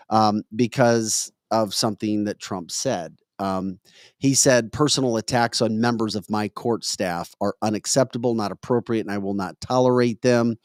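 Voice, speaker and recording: A man's voice: lowish voice, a little mellow, dry recording, studio quality. A man hosting a political commentary podcast, making his points with emphatic, opinionated commentary. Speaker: podcast host.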